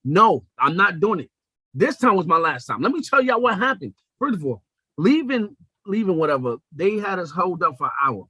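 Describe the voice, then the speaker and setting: A young man hosting a podcast, telling a comedic story in a profane, animated way and acting out the quotes. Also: sits high, brisk, breathy edge, no echo. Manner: animated, profane, acts out quotes in shifting voices. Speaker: podcast host.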